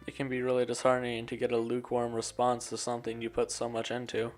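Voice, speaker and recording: A man reading as a young female club president in a monotone. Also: mid-range voice, quick pace, faint music behind, natural voice. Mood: advising. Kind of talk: game dialogue read aloud.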